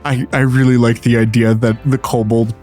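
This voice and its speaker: A man's voice: medium pitch, flat delivery, moderate pace, darkish tone, soft background music. A young man in casual tabletop podcast chat, blunt and wry, swearing now and then.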